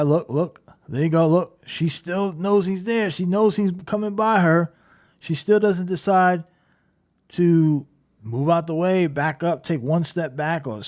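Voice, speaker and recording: A man's voice: fairly high pitch, darkish tone. A man giving casual, critical commentary over game footage, talking in a loose, conversational way with lots of "like" and "right?". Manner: conversational, full of "like" and "right?", keeps pointing things out; critical, incredulous.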